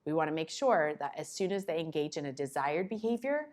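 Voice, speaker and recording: Female presenter, lower voice, chatty and animated, explains to parents in a conference room. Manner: lively, conversational, acts out the child and parent in quick asides. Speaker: conference presenter on child behavior.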